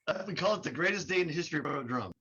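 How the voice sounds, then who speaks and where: A man guest telling a lively story in casual chat, laughing and acting out the people in it. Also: on the high side, rapid-fire. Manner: animated, laughing, acts out quotes. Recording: muffled with faint noise.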